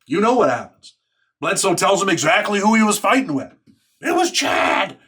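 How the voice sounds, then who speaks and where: Brief: New man, blunt and streetwise, slightly high-pitched storyteller. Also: animated, a little fast, a bit bright, slightly rough. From New York. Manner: blunt, profane, street talk. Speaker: YouTuber recounting prison life. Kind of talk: casual storytelling monologue.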